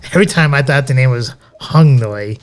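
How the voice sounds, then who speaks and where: A man's voice: medium pitch, a little fast. A man co-hosting a podcast, chatting casually with many fillers and restarts as he reviews a restaurant. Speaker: podcast co-host.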